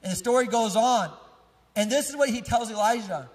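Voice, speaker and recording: A man in his thirties preaching a sermon as pastor, conversational and lively, polling the congregation and joking as he corrects himself mid-sentence. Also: extremely high pitch, a little fast. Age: 30s. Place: church sanctuary. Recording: long church hall reverb.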